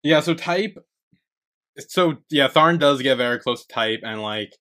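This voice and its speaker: Bright lively man recapping with giggles. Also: mid-range voice, measured pace. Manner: giggly storytelling, breaks into laughter. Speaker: podcast co-host. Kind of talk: casual recap chat.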